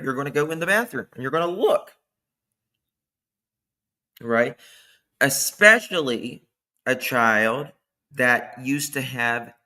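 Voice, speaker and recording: A man hosting a livestream, chatting casually, thanking viewers by name and commenting with animated asides. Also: medium pitch. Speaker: livestream host. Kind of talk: casual true-crime commentary chat.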